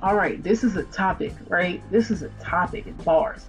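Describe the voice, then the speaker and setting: A woman with a lowish voice speaks at normal speed as she hosts a music channel. She breaks down song lyrics in a chatty, slangy style, tossing out rhetorical questions in casual commentary.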